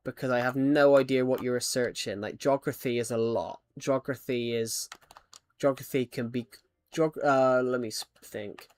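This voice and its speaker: Male streamer, casual rambling chat, mid-pitched, restarts often. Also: steady tone, moderate pace, darkish tone. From United Kingdom. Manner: rambling, many false starts and restarts. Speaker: Minecraft streamer. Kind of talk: casual chat while gaming.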